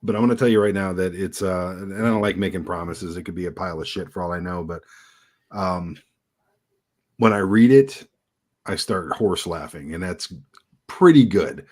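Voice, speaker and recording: A man's voice: low-pitched, moderate pace, a little mellow. A man telling rambling anecdotes in a casual chat, full of fillers. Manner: rambling anecdotes, lots of fillers and quoted voices. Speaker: filmmaker guest.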